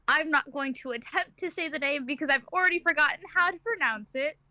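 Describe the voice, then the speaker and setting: A woman with a high voice narrates a tabletop adventure as game master, casual and rambling, stopping often for fillers and restarts. Her voice comes through dry and close, with no room sound behind it. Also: brisk, sharp tone, no echo.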